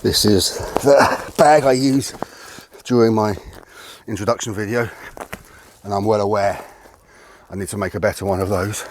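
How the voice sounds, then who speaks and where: In this explanatory video lesson, recorded outside by a tree, a man teaches how to throw a punch. He has a fairly low pitch, even intonation and a moderate pace, and he is slightly out of breath as he corrects himself in a casual way. A faint hiss or hum is audible.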